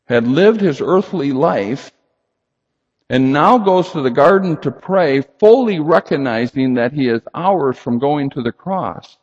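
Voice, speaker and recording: A man preaching a sermon to a congregation, emphatic and animated, rising high for emphasis and dropping low and quiet. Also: a little slow. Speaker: pastor. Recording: lo-fi recording in a reverberant hall.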